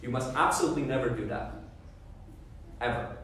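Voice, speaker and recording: A man's voice: medium pitch, brisk, fairly bright tone. A man giving a classroom lecture on debate judging, often checking in with "okay?" and "right?". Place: lecture room. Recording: echoey room, voice far from the mic, faint background noise.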